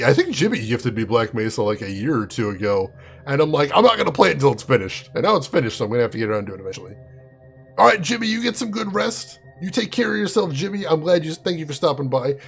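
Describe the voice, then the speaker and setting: Laughing frequently, a game streamer reads his chat and responds to viewers by name in a casual live stream. He has a gravelly voice pitched fairly high.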